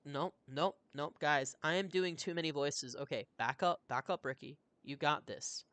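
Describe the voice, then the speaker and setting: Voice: mid-range voice, normal speed, hardly any pauses, a bit bright, soft background music. A streamer narrating a story game live, chatting and laughing with viewers between character voices. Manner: chatty, laughing asides to chat. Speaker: streamer and voice reader. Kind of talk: live-streamed game read-through with chat.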